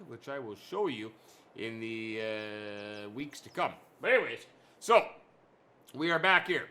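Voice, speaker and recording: A man's voice: medium pitch, pushed and bright. A man hosting a farming-game video, telling a rambling, joking story and correcting himself as he goes. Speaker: gaming channel host. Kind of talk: casual let's-play commentary.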